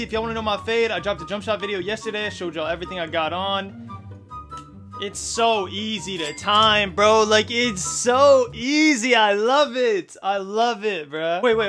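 Hyped young man doing slangy gameplay commentary. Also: high-pitched. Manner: hyped, slangy trash talk to teammates and viewers. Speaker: gaming YouTuber. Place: home gaming setup in front of a TV.

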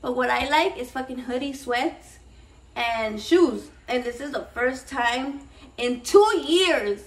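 A woman's voice: high-pitched, takes it slowly. A woman, hosting a cooking vlog in a casual, rambling, swear-heavy chat. She mixes Spanish slang into her English and sounds a little shaky and nervous. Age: 30s. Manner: profane, excitable, switching between English and Spanish slang. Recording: voice a bit far from the mic.

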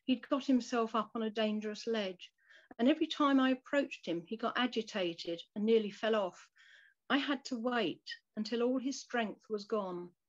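A woman voicing a gentle male shepherd who mends hurt creatures, speaking quietly and patiently. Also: on the high side, moderate pace, lightly acted. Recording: dull lo-fi recording.

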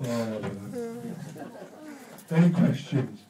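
A man's voice: mid-range voice, moderate pace. Rowdy man telling jokes. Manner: laughing, swearing banter. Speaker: amateur joke teller. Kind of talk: pub joke telling to friends. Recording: echoey room from far off with loud crowd.

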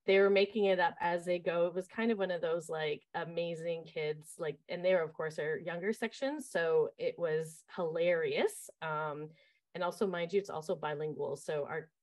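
Casting note: camp director, woman, fairly low voice, chatty and animated, telling camp stories with lots of ums. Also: moderate pace. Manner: lively, acts out quoted voices, many fillers. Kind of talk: casual interview storytelling.

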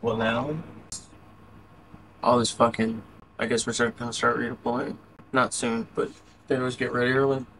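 A man with a medium-pitched voice asks questions from behind the camera, relaxed and swearing freely. He sounds like he is holding a handheld camcorder. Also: normal speed, pauses often, a little hiss or hum, low-quality recording. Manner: laid-back, profane, asks questions. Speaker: soldier filming. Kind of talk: casual chat.

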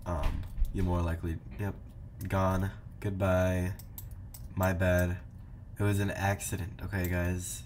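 Low-voiced young man doing playful game commentary. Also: little pitch movement, slow, a little mellow, slight background noise. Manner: playful, teasing, talks to viewers while playing. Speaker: gaming YouTuber. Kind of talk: casual gameplay commentary.

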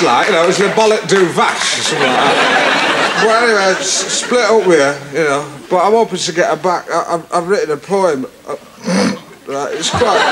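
A man performing a crude, boorish male pub comedian, rambling with lots of fillers in a stand-up monologue. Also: a little high. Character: boorish male pub comic, lewd and loutish. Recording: old TV broadcast, loud live studio audience, noisy tape.

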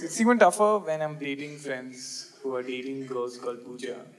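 A young man from India performing stand-up comedy, animated and jokey, acting out quick bits of dialogue. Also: medium pitch, noisy background. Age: 20s. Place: live comedy venue with audience.

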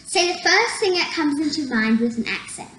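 A woman's voice: sits high, animated, a little fast, a bit bright. A woman reading out truth-or-dare prompts from a list. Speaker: sister reading the dares. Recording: echoey room with faint ambient noise.

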